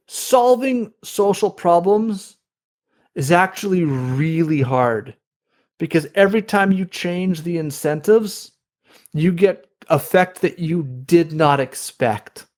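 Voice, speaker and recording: Male podcast guest, somewhat high voice, explanatory, many restarts. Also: slow pace. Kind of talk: conversational interview.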